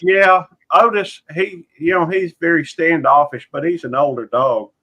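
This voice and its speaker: A man rambling in casual chat, halting with fillers and restarts. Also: on the high side, fairly even intonation, bright, forceful tone. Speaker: live stream panelist. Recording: dull lo-fi stream audio.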